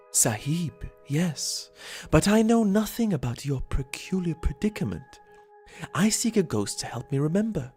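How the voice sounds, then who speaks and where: A man's voice: high voice, darkish tone, pitched above the performer's own voice. A man voicing a pleading spirit storyteller with a dramatic, formal manner of speech.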